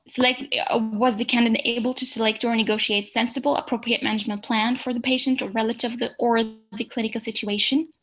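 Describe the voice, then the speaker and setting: Woman, fairly high-pitched, medical exam lecturer, explanatory, repetitive, frequent "okay?" check-ins. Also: a bit bright. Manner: explanatory, repeats key points, checks in with "okay?". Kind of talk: recorded exam-prep lecture.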